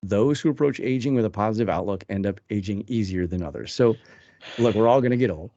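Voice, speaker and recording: A man's voice: on the low side, fast talker, warm tone, no room sound. A man in his thirties co-hosting a casual talk show, reading items from a list and adding joking asides. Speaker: podcast co-host. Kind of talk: casual chat. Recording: dull lo-fi, dry sound.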